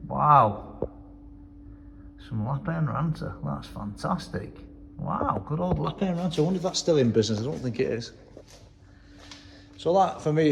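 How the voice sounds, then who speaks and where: An Englishman with a medium-pitched, gravelly and slightly mellow voice wanders a tractor museum, chatting away, swearing freely and reading labels aloud. The indoor hall is reverberant, with faint ambience and a little hiss or hum.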